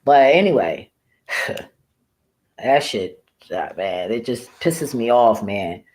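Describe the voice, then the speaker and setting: A woman's voice: very deep voice, sing-song, takes it slowly, a little mellow. A woman vlogger ranting casually to camera in a blunt, profane way, often laughing at her own remarks. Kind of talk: casual rambling rant to camera.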